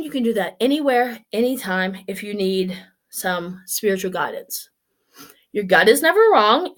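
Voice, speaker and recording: A woman in her forties chatting casually and upbeat on her vlog, a bit out of breath, with many restarts and asides. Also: medium pitch. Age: 40s. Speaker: vlogger. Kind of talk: casual solo vlog chat.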